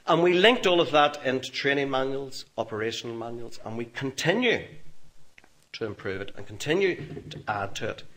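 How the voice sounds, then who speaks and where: A man's voice: mid-range voice, lively intonation, normal speed, a bit bright, slight background noise. Man, 40s, conference speaker, anecdotal and self-mocking. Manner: storytelling, self-deprecating humour. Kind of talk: anecdotal business talk to an audience. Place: hotel function room.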